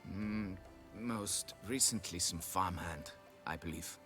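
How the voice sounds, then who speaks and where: A man's voice: low voice, slow pace, over music. An actor voicing a pompous, haughty middle-aged nobleman who owns a vineyard, in video game dialogue. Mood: aloof. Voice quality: pompous, condescending.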